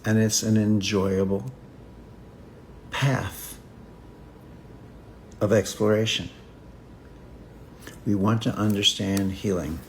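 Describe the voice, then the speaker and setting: Low-voiced man giving a contemplative spiritual talk. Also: steady tone, a little hiss or hum. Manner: slow, repetitive, contemplative phrasing with long pauses. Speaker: spiritual healing teacher. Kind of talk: reflective spiritual talk on a live stream.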